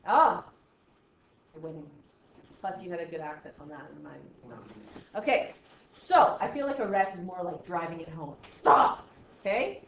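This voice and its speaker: A woman's voice: lowish voice, expressive, normal speed, long pauses, slight background noise. A woman teaching a math class in a classroom, playful and jokey, with exaggerated asides. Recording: echoey classroom, dull lo-fi sound.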